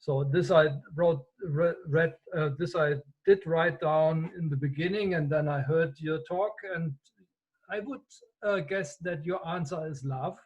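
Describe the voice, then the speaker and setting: A man's voice: on the high side, unhurried, breathy edge, dull audio. A man on a video call reading out his question to the speaker, a bit hesitant. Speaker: participant asking a question.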